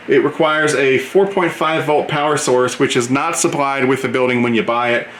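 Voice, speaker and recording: A man's voice: mid-range voice, fairly bright tone. A man hosting a model train channel, chatting enthusiastically as he unboxes a product and describes each item he shows. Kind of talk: casual unboxing commentary. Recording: roomy echo, faint background hum.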